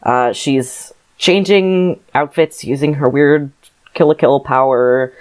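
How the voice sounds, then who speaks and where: A woman's voice: a bass voice, takes it slowly, darkish tone. A young adult woman co-hosting a podcast, recapping a novel in a rambling, sarcastic way and laughing often. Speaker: podcast co-host. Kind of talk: casual chat, book recap.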